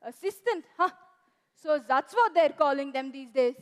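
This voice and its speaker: A woman's voice: high-pitched, animated, normal speed, fairly bright tone. A woman playing a formal, arch middle-aged housekeeper in a stage musical. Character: stern middle-aged German housekeeper, sly. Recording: stage mic in a reverberant hall.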